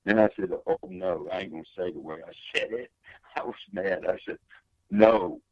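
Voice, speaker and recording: A man's voice: brisk, no room sound, lo-fi sound. An older man, a guest singer, telling a personal story in an interview with emphatic, swinging delivery. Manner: emphatic testimony with big pitch swings.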